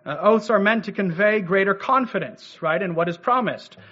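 High-voiced male pastor preaching, muffled audio. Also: sharp tone. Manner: measured, frequent "uh" fillers and rhetorical "right?". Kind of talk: expository sermon. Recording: dull lo-fi audio.

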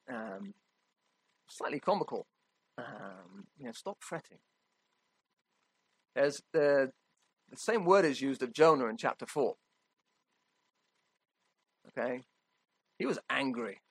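A man's voice: on the high side, no echo, low-quality recording. A man preaching a sermon in a conversational, emphatic way, often checking in with his listeners.

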